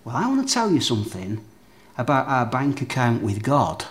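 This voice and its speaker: A man's voice: mid-range voice, wildly swooping pitch, normal speed. A man preaching a sermon, leaning on emphatic phrases he repeats and speaking straight to his listeners. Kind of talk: sermon with object lessons.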